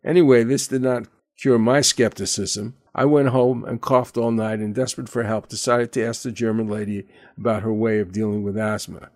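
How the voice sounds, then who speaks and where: An older man hosting a radio show, telling a personal story in measured, earnest narration. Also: fairly low pitch, steady tone, a little mellow. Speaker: radio host.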